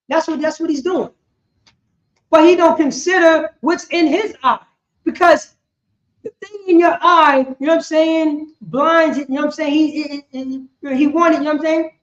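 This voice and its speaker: A woman preaching a street sermon on scripture, talking in an animated, repetitive way and often asking "you know what I'm saying". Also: high-pitched, normal speed. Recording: echoey, dull lo-fi sound.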